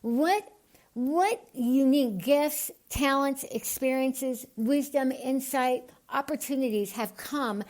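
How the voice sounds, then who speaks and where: A woman from the United States, a podcast guest, speaking with a lisp and an unusual voice altered by tongue surgery, earnest and animated. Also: sits high, slow pace. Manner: earnest, animated, gets excited. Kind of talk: podcast interview.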